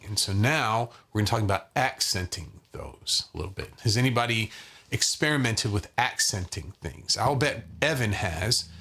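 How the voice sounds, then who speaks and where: In a relaxed live-stream guitar lesson, this man greets viewers by name and fills his talk with fillers. His voice sits on the low side and has a sharp tone, with a bit of background noise.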